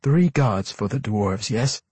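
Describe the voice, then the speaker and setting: A man voicing a weak, weary monk who can barely sit up and speaks with faint, effortful calm. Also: lowish voice, slow pace, slightly rough, no room sound, exaggerated voice.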